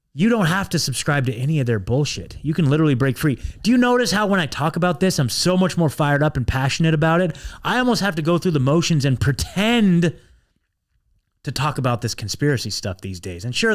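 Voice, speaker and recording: A man at a middle pitch hosts his own podcast, talking in a fired-up, passionate rush. He swears freely and stumbles through restarts and fillers. He pushes his listeners like he is giving them a pep talk. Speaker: podcast host. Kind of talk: animated monologue, pep talk.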